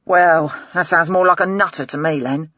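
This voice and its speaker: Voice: mid-range voice, fairly even intonation, moderate pace, pushed and bright, dry recording, dull audio, close to an everyday voice. A narrator voicing a sceptical male police officer who talks in a curt, dismissive way.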